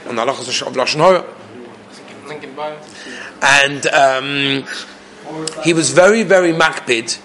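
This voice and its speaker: A man's voice: a little high, a bit bright, slight background noise. A man giving a storytelling Torah class, acting out the voices of the people in his stories and asking his listeners frequent rhetorical questions. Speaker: rabbi teaching a class.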